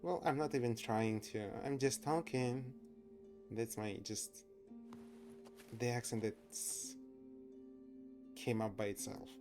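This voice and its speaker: A man from Russia with a Russian accent, casually chatting while streaming a game, halting and searching for words, swearing and laughing, with music underneath. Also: medium pitch, steady tone. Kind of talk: casual live game commentary.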